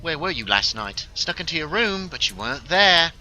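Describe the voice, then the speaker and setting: Cheeky cockney cannibal girl, a guy doing the voice, bright and bouncy. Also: a little high, sing-song, moderate pace, pitched above the performer's own voice, exaggerated voice, rough recording. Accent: Cockney, put on badly. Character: British cannibal girl, pushy and clingy.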